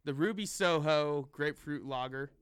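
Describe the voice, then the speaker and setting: A man's voice: on the high side, normal speed, smooth, no room sound, studio quality. A young man co-hosting a casual drinking podcast, laughing often and joking loosely. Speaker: podcast co-host.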